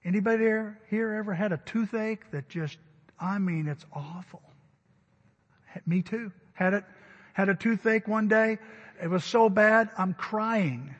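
A man delivers a story-filled sermon, acting out voices and crying out at times. His voice sits high with a husky edge. It rings with the long reverb of a large hall. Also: unhurried, lo-fi sound. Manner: animated, acts out quotes and cries out. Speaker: pastor.

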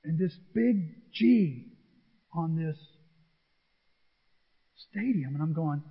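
A man in his sixties delivers a sermon as a lively, emotional personal story. His voice sits high for a man. The recording is a little muffled, with a long echo from a large hall. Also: slow, husky. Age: 60s. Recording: echoey hall, dull lo-fi sound.

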